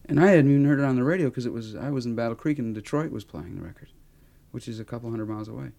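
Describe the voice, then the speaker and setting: Gravelly, mellow-voiced man reminiscing. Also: medium pitch, very fast. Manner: candid, self-mocking storytelling. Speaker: interviewed singer. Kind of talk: archive interview reminiscence.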